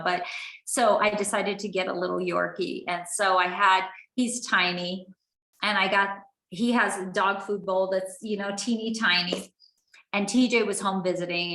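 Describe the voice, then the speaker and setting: A woman's voice: mid-range voice, bright, forceful tone. Earnest woman telling a story in a roomy echo. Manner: earnest, halting with restarts. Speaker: guest speaker. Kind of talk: personal storytelling.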